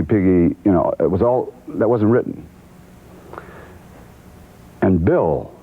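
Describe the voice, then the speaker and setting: A deep, husky-voiced man tells a talk show story, his pitch rising and falling with the telling. He keeps restarting and stumbling over his words. The sound is thin and tinny, like an old TV broadcast tape. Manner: lively storyteller with frequent restarts and stammers. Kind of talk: animated anecdote telling.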